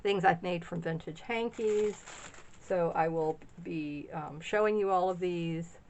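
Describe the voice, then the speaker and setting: A middle-aged woman chatting casually in a vlog, gushing and rambling excitedly as she shows off vintage craft finds. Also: fairly low pitch, a little slow, a little hiss or hum. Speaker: craft shop owner sharing a haul.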